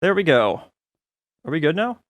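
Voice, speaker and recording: A man's voice: on the high side, very animated, normal speed, no echo. A man streaming a modded building game, chatting casually and thinking aloud as he plays, often laughing at his own mistakes. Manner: self-mocking, thinking aloud, laughs at himself. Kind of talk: casual gameplay commentary.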